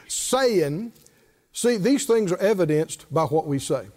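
High, lively-voiced preacher man. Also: slow. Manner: preaching with call-and-response, rising to shouts. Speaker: pastor. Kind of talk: sermon.

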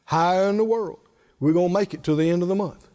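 A man preaching a sermon, drawing answers from the congregation and building to shouted lines. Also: sits high, fast talker. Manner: preaching with call-and-response, rising to shouts. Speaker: pastor.

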